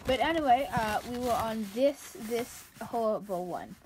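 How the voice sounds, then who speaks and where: Woman, high voice, slow and deliberate, sarcastic, comedy vlog, reading feedback aloud. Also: lively intonation, a little mellow, a little hiss or hum. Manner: dry sarcastic, sounds out misspellings. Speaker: comedy vlogger.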